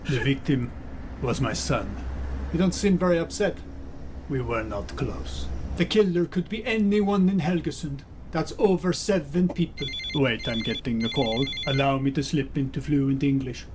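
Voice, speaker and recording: A man doing a deadpan detective. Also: on the high side, moderate pace, noisy background, lightly acted. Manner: flat, deadpan delivery. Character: deadpan male Scandinavian crime-drama detective. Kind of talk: parody sketch.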